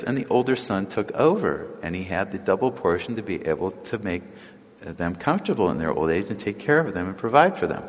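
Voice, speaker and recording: A man's voice: mid-range voice, long reverb tail. A man preaching a casual, conversational sermon, often chuckling and acting out the voices of people in the stories.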